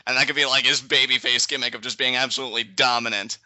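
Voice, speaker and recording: A man's voice: mid-range voice, quick pace, no echo, muffled recording. A man co-hosting a casual live reaction chat, joking and playfully dramatic. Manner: animated, jokey, playfully dramatic. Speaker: guest co-host.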